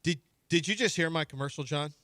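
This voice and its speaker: Sports radio guy doing a goofy live ad, bright voice, dry studio mic. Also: a little high, brisk, dry recording. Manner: playful, self-mocking, mock-indignant. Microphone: studio broadcast mic.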